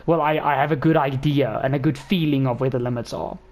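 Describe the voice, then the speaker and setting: A man hosting a gaming channel, giving a casual racing game car review in an excitable, rambling way with lots of self-corrections. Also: mid-range voice, fairly quick, faint music behind.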